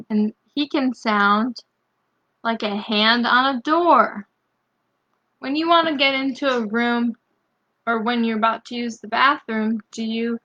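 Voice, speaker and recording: A woman reading a picture book aloud as a bedtime story, gently asking young listeners questions between the pages. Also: fairly high pitch, highs cut off. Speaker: storybook reader.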